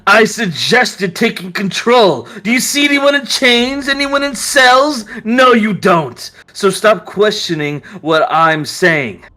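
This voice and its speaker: A man's voice: medium pitch, moderate pace, a bit bright, faint music behind, lightly acted. A man doing a snarling power-hungry schemer. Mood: defensive. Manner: snarling, profane, dismissive. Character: scornful power-hungry man, bitter widower.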